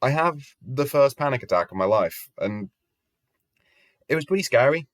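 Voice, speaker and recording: A travel vlogger in his twenties narrates a travel story in a wry, self-deprecating way, swearing casually. His medium-pitched voice has lively intonation and a moderate pace, recorded dry with music playing underneath.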